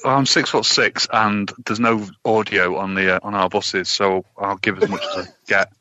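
A man's voice: on the low side, steady tone, moderate pace, bright, forceful tone, dry recording, dull audio. A man with a Manchester accent, a bus-driving guest, ranting in a profane, exaggerated comic way. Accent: Mancunian. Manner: heated, profane, exaggerated complaining. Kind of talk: sweary comic rant.

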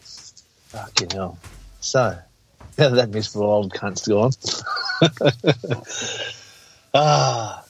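A man's voice: on the low side, very slow, long pauses, background noise. A middle-aged man, a podcast co-host grumbling sardonically and swearing heavily. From Australia. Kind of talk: casual profane chat. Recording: husky, dull, dry remote line.

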